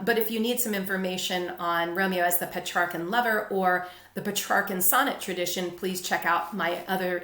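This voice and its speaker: A woman teaching a literature lesson, explaining patiently and clearly. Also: fairly low pitch, fairly bright tone, reverberant. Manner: clear, patient explaining, with brief read-aloud quotes.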